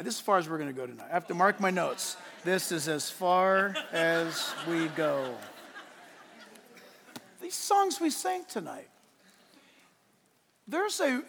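High-pitched emphatic pastor in a reverberant church. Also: male voice, huge pitch swings, moderate pace, creaky, slight background noise. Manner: emphatic, swings from hushed to shouting, laughs at his own points. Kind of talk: sermon. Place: church sanctuary. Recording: long hall reverb.

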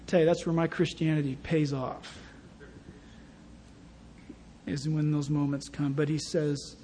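A male pastor preaching an animated sermon in a warehouse church, declaiming scripture emphatically. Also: sits high, moderate pace. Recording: long reverb in a large hall.

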